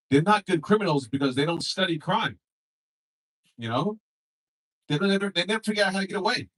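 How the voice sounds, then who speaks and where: A man's voice: medium pitch, fairly bright tone, husky, recorded from a distance. A young man doing a loose, profane stand-up set, acting out characters in shifting voices. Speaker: stand-up comedian.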